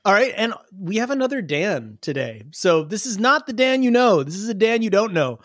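Lively, upbeat male podcast host. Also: high voice, moderate pace, no echo, clean studio sound. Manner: upbeat, bouncy, enthusiastic. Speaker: game master. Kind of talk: tabletop podcast hosting and scripted fantasy narration.

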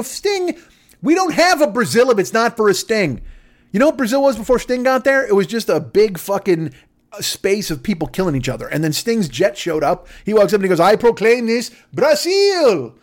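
A man rants his way through a rambling comedy riff, his voice pitched high and leaping all over the place. He swears constantly and piles one absurd tangent on another. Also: fast. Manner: profane, excitable, absurd tangents. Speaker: podcast host.

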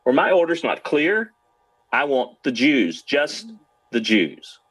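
A man's voice: sits low, wildly swooping pitch, a little fast, husky, no room sound, full character voice, poor audio. A man voicing an enraged male Nazi major who screams threats and demands while retelling a story. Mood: furious.

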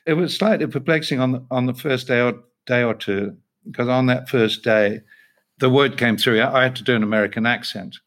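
An older male actor, appearing as an interview guest, tells rambling, self-deprecating anecdotes and laughs often. His medium-pitched voice is fairly bright and fairly quick.

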